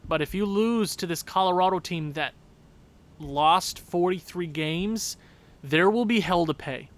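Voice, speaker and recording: A young man commentating a hockey video game with a worn-out voice, yelling and repeating himself at big plays. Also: high voice, unhurried. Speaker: gaming YouTuber. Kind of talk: excited play-by-play over a hockey video game.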